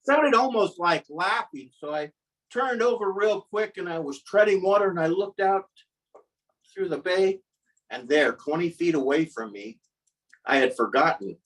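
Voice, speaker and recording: A man's voice: high-pitched, unhurried, fairly bright tone, far from the mic, low-quality recording. A man telling a comic personal story at a live storytelling event, wry and self-mocking.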